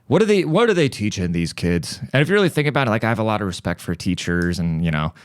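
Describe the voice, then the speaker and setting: Man, 30s, German-born podcast host; low, smooth voice; profane, sarcastic comic rant. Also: sing-song, fast, dry recording. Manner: profane sarcastic ranting with mocking put-on voices. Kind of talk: comedic podcast monologue.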